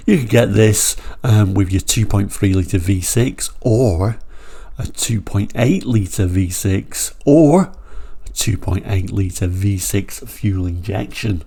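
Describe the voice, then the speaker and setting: A man's voice: on the low side, slow, gravelly, dark tone, breathy edge. A man hosting his channel, chatting his way through old car brochures in a rambling style that drifts off and then pulls itself back on track. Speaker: channel host.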